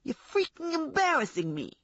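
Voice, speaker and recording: Menacing knife-wielding young man, taunting, low and slow, read by a woman narrator. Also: wildly swooping pitch, fairly bright tone, no echo, highs cut off, full character voice.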